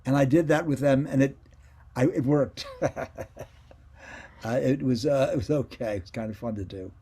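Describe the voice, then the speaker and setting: As a video-call interview guest, an older man who was once a child radio actor reminisces casually. The voice is mellow, slightly rough, medium in pitch and moderate in pace, and his meandering tales are dotted with self-corrections.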